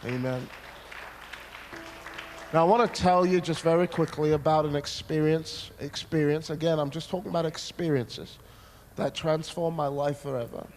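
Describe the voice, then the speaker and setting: A man preaching a sermon, telling a personal story with dramatic, animated delivery. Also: fairly high pitch, moderate pace, slight background noise.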